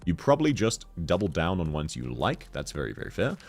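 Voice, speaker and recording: A man's voice: low voice, huge pitch swings, a little fast. A young man chatting casually on a game livestream, joking, laughing often and reading chat messages aloud. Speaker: streamer.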